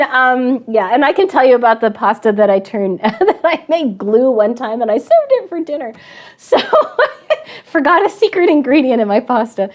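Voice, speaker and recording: Brief: high-pitched woman teacher, chatty storyteller who laughs often. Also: big pitch swings, moderate pace. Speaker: math and science teacher. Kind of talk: storytelling to students in an online class.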